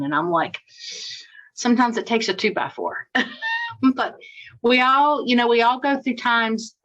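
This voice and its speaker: A woman's voice: mid-range voice, fairly bright tone, highs cut off. A woman trainer coaching sales agents on a video call, chatty and upbeat as she tells stories.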